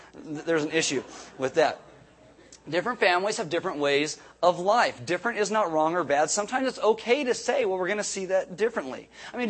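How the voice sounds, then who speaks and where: A man's voice: fairly high pitch, husky. A middle-aged man pastor giving a sermon in a conversational manner, repeating himself and adding jokey asides.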